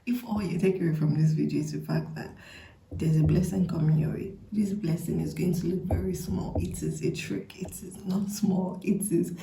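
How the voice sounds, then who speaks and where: Soft-whispering woman, gravelly and echoey. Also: on the low side, slight background noise. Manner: breathy half-whispered delivery, playful, chatty with many likes. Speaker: tarot reader. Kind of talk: intuitive reading to camera.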